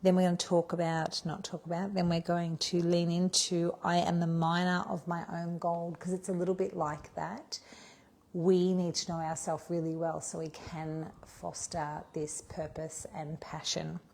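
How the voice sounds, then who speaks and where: A middle-aged woman coach, chatty and self-mocking, talking through purpose prompts and then gently guiding a yoga class. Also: on the low side, flat delivery, unhurried, creaky. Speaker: yoga and body confidence coach. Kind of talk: talk and guided yoga class.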